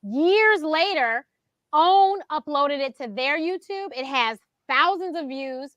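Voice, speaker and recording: A high-pitched woman with a bright, forceful voice, chatting in a casual, storytelling way. She is lively and laughs often, and she jumps into a higher voice when she acts out what other people said. The sound is dry and close. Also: slow pace, no echo. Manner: animated, acts out quotes in a higher voice; laughs often mid-sentence. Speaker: show host being interviewed.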